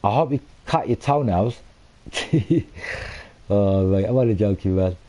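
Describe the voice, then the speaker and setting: Fairly low-pitched, warm and animated, this young streamer talks at a measured pace while commenting casually on his game. He swears a lot, addresses his viewers, and gets heated when frustrated.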